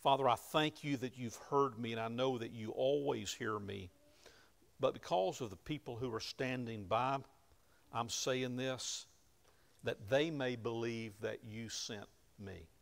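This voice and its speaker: A man delivers a sermon, retelling scripture in a plain, conversational way. His voice is gravelly, with a mid-range pitch. He swells to loud emphasis on the key lines. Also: a little slow. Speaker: pastor.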